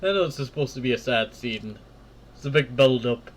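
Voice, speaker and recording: A man's voice: mid-range voice, normal speed, slight background noise. Man chatting and stumbling through a game. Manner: stumbles over words and laughs at himself. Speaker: gameplay host. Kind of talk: casual game playthrough commentary.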